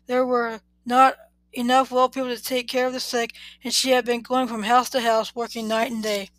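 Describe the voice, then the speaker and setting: A woman reading a children's book aloud in a steady, plain way, now and then correcting a word. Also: fairly high pitch, moderate pace, no echo, rough recording. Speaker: reader.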